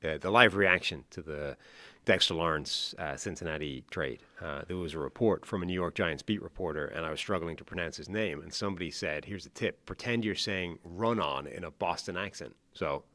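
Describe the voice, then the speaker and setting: A man with a deep, low voice co-hosts a casual sports podcast, recorded dry and close in a studio. He talks things through loosely, circling back with restarts and fillers as he works out his point. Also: a little fast, pushed and bright, no echo. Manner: thinks aloud with restarts and fillers. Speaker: podcast co-host.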